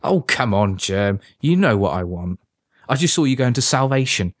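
A man's voice: medium pitch, big pitch swings, normal speed, no echo, clean studio sound. A man voicing a smug schoolboy bully who taunts his victim. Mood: taunting.

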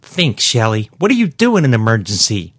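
A man's voice: medium pitch, wildly swooping pitch, brisk, no room sound, studio quality, voice pushed up. A man voicing an imperious, short-tempered older woman in a storybook reading, speaking in a haughty, demanding manner.

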